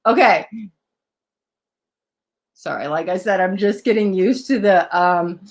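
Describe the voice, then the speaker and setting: A woman giving a live tarot reading on a laptop mic, chatty and excitable, quick to laugh and gushing over the cards. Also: on the low side. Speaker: tarot reader. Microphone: laptop built-in.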